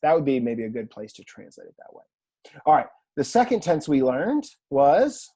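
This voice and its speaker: A man teaching a language class in a relaxed lecture style, chatty and self-deprecating, often quizzing his students. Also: on the high side, moderate pace, slightly rough. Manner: conversational, self-deprecating, asks the class questions. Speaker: Greek teacher.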